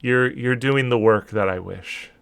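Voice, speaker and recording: A man voicing a motherly antlered nature goddess in a tabletop game. She speaks gently and quietly, a little lower and softer than plain talk. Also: measured pace, vocal fry, clean tone, dry recording. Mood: gentle.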